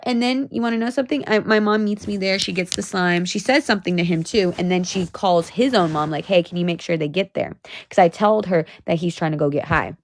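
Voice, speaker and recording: A woman's voice: fairly low pitch, dry recording, clean studio sound. A young woman telling a storytime on her vlog, blunt and profane, talking in a heated rant. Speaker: vlogger.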